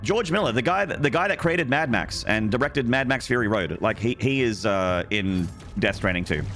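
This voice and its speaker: A man's voice: mid-range voice, expressive, moderate pace, fairly bright tone, soft background music. A young man with a mixed Australian accent, chatting and joking with viewers on a gaming stream. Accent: Australian, with some American. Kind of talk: casual live-stream chat.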